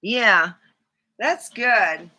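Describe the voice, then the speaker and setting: Salty, bright-voiced woman telling stories. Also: mid-range voice, drawn-out words. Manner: salty, blunt, profane, animated. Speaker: live streamer. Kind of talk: casual storytelling monologue. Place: small home studio.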